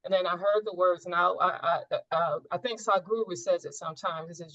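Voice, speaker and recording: A woman's voice: lowish voice, fairly even intonation, fairly quick, hardly any pauses, a bit bright, dry recording. Woman searching for words, dull dry sound. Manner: earnest, searching, trails off and rephrases. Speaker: coaching client. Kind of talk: personal reflective sharing.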